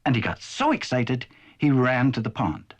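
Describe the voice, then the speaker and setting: A man narrating a children's cartoon story in a playful, animated storytelling way. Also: medium pitch, normal speed, over loud music.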